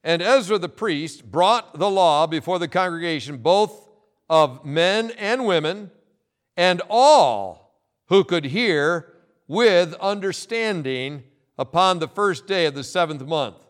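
A male pastor preaching a sermon, emphatic and insistent, repeating key phrases and pausing for effect. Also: high-pitched, expressive.

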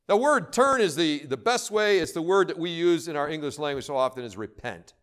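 A man preaching a sermon, reading scripture and pleading with his listeners in impassioned bursts. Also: high voice. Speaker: pastor.

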